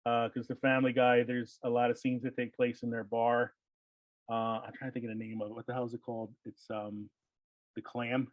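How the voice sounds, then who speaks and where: A man's voice: mid-range voice, flat delivery, brisk, dry recording, lo-fi sound. A man hosting a casual podcast chat, rambling with lots of fillers and frequent laughs. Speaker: podcast host.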